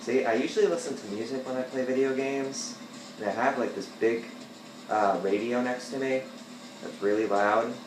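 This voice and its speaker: A man rambling and joking through casual gameplay commentary, breaking into loud outbursts now and then. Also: medium pitch, normal speed, background noise. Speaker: gameplay video host. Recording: echoey room with game music behind.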